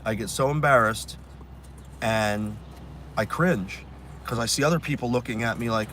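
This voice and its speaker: A man hosting a live stream outdoors in a city, telling stories in a casual, animated way. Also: medium pitch, moderate pace, slight background noise. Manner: animated, acts out fans' voices. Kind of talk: casual storytelling chat.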